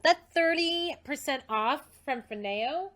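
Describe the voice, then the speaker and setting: A woman host excitedly reading out a list of prizes, coughing and short of breath. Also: high-pitched, slow. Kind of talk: casual livestream announcement.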